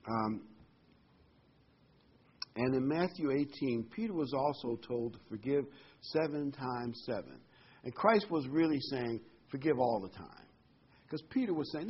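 A man's voice: medium pitch, animated, unhurried, long pauses, slightly rough, lo-fi sound. A man preaching a sermon in a conversational way, his voice lifting on key phrases.

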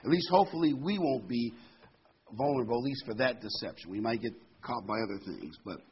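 A man preaching a sermon, reading scripture slowly and telling folksy jokes. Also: mid-range voice, animated, slightly rough, lo-fi sound. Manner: folksy, reads scripture slowly, laughs at his own jokes.

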